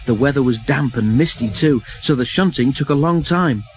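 A man narrating a children's storybook in an expressive, even reading. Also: medium pitch, moderate pace, faint music behind, low-quality recording.

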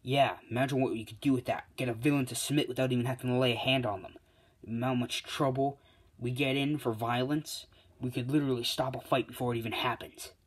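A man casually retelling a fan story at a medium pitch. He stumbles along, full of fillers and self-corrections. He keeps doubling back as he goes. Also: steady tone, fairly quick, husky.

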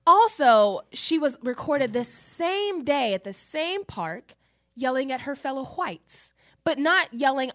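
A woman co-hosting a podcast, telling stories in an animated, profane way. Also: high voice, moderate pace, dry recording, studio quality. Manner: animated, profane storytelling with acted-out quotes. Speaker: podcast co-host. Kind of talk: casual chat.

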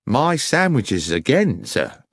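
A tired railway guard, played by a man in an audiobook, respectful and defensive. The voice is pitched up from the reader's own, with a louder, insistent push. The sound is close and dry. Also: big pitch swings, takes it slowly, dry recording, exaggerated voice. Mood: protesting. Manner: respectful, protesting, raised pitch. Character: weary, defensive working-class male railway guard.

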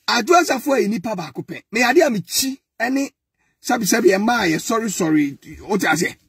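Husky high-voiced Ghanaian man, mocking. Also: animated, fast, a bit bright, no echo, clean studio sound. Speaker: political commentator. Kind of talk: mocking political commentary.

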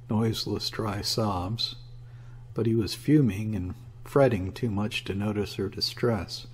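A man narrating a classic short story as an audiobook, in a steady storytelling manner. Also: on the low side, a little slow, husky.

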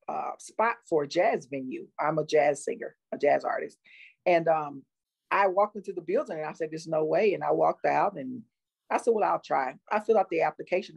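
Encouraging woman guest, husky voice. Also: deep voice. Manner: encouraging, motivational. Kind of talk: casual interview.

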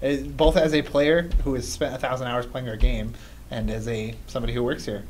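A man hosting a game livestream, chatting excitedly and rambling with plenty of restarts. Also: mid-range voice, a little fast, a little hiss or hum. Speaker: community host of game livestream. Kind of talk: casual livestream chat while playing.

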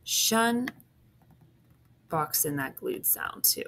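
A woman's voice: deep voice, slow, gravelly, fairly bright tone, slight background noise. A woman teacher walking through a phonics packet, patiently sounding out each syllable step by step. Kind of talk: phonics lesson walkthrough.

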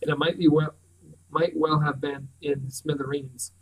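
A man reading aloud, voicing a gentle, husky Welsh farmer with little change from his own voice. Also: a little high, level tone, measured pace, recorded from a distance, low-quality recording. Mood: concerned.

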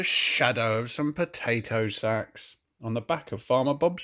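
An older man, a grandfather, gently reading a picture book aloud to children and pointing out the pictures. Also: mid-range voice, animated, takes it slowly, few pauses. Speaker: grandfather storyteller.

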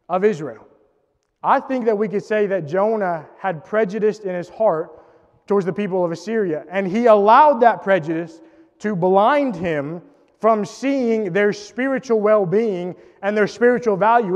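A man preaching a sermon in an earnest, emphatic way, recorded in a church auditorium. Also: high voice. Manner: earnest, emphatic preaching with rising intensity on quotes. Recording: dull sound in a reverberant church hall.

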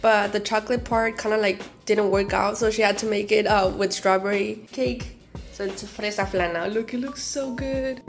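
A woman of twenty chatting casually to her viewers as a vlogger, relaxed and playful with little asides. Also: medium pitch, normal speed, faint music behind. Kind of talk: casual vlog chat.

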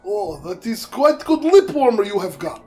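A man's voice: high voice, sing-song, normal speed, music in the background. A man voicing a pompous Russian-accented male bomb townsman in a video game, boastful and mock-solemn.

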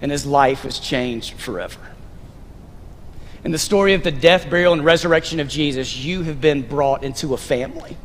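Pastor, male, high voice, lively stage preacher with a joking touch; long hall reverb. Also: moderate pace. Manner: animated, directing volunteers on stage with playful asides. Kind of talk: sermon. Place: church stage. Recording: long reverb of a large sanctuary.

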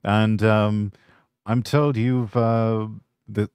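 Low-voiced British man hosting a podcast. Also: flat delivery, extremely slow, darkish tone, clear, resonant tone, no echo, studio quality. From England. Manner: chatty, encouraging, restarts words often. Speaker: podcast host. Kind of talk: casual interview chat.

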